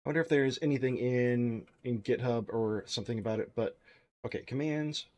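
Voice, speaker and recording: Guy livestreaming game dev, muttering to himself, thanking chat, mid pitch. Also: brisk, a little mellow. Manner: thinks aloud while coding, mutters to himself; friendly, thanks chat viewers directly. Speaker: game developer streaming live. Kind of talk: casual live-stream chat.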